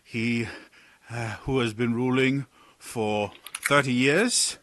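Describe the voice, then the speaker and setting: A man's voice: mid-range voice, steady tone, slow pace, a bit bright, no echo, voice pushed up. A man voicing a stuffy male advisor who gets flustered, stammers and speaks formally.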